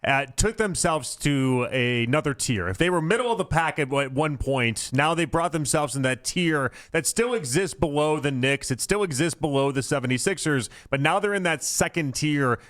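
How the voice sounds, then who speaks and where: A man co-hosting sports talk radio, stumbling over his first words before settling into steady analysis. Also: a little high, normal speed, hardly any pauses. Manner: stammering starts, then steady analysis. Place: radio studio.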